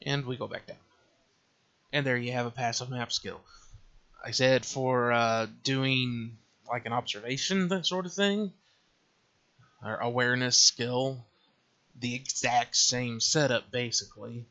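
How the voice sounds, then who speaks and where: A man's voice: medium pitch, flat delivery, a little slow, sharp tone. A man hosting a casual game development tutorial, thinking aloud and muttering to himself as he works through menus at his computer. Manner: thinking aloud, mumbling to himself while working. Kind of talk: casual screen-recorded tutorial. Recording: slightly dull lo-fi recording.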